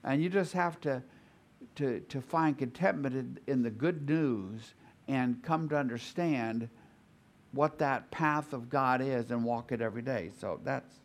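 Slow, thoughtful man leading Bible study. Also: medium pitch. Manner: thoughtful, repeats and restarts phrases while reasoning aloud. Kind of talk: group Bible study teaching.

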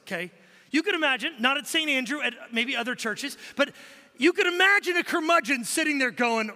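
A male pastor preaching a sermon, swinging between loud exclamations and hushed murmurs. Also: extremely high pitch, expressive, brisk. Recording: long hall reverb.

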